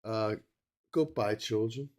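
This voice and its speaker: This middle-aged man speaks slowly in a low, darkish voice over his streaming mic. Worn out during a long solo livestream, he keeps the chat casual, wandering from point to point and breaking off his own sentences.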